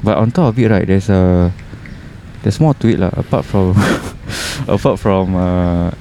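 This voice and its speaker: A Singaporean-accented man hosts an easygoing podcast, his low, mellow voice wandering through half-finished sentences. He talks into a headset mic outdoors, with faint street sounds behind him. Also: unhurried, a little hiss or hum. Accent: Singaporean English. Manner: rambling, loose, full of restarts and "lah". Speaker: nurse podcast host. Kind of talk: casual chat. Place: outdoors in a public spot by the road.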